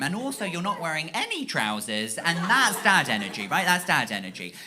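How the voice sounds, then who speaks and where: A man's voice: on the high side, slight background noise. A stand-up comedian from Cornwall, a man talking in a chatty, self-mocking way and checking in with the audience on a comedy stage. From Cornwall, England. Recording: live show with loud audience laughter.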